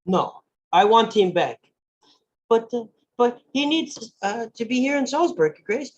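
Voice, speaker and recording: A woman's voice: fairly high pitch, animated, a little slow, lo-fi sound, a little hiss or hum. Brief: woman reading an old man grovelling before power, stammering. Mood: pleading. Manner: pleading, stammering. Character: man in his sixties, desperate, servile courtier. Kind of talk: table-read acting.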